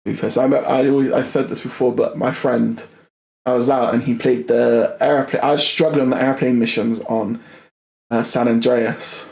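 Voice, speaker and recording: A man's voice: mid-range voice, creaky, roomy sound. A young man ranting casually while he plays a game, swearing often and tripping over his words. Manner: animated, swears a lot, repeats himself. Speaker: gaming streamer. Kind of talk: casual rant while gaming.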